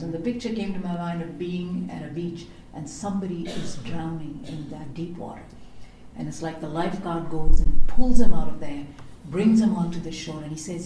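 A middle-aged woman giving a devotional teaching on prayer, telling stories expressively and slowing down to read scripture. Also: fairly low pitch, mellow, slight background noise. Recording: echoey room.

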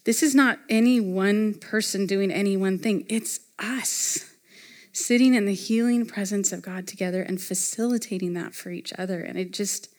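A woman's voice: mid-range voice, normal speed, a little mellow. Woman giving a casual retreat sermon. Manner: conversational, many fillers, reads scripture aloud. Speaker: retreat speaker.

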